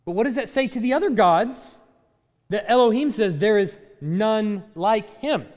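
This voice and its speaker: A man teaching a class, speaking in an animated way, chuckling often and restarting his sentences. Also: sits high, a little slow. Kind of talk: class lecture. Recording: hall reverb.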